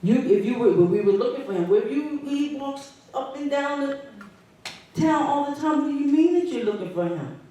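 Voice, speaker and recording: A woman speaks from a distance in a very echoey meeting hall. She is emotional and hurt, pleading and halting as she talks, often restarting her words. Faint background noise sits under her voice. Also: sits high, expressive, dark tone. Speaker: resident speaking at a public meeting. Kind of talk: public comment.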